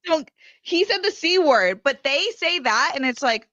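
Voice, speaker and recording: Woman, guest, casual chat, hesitant, medium pitch, dull close sound. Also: lively intonation, moderate pace, sharp tone, no echo. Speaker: guest co-host.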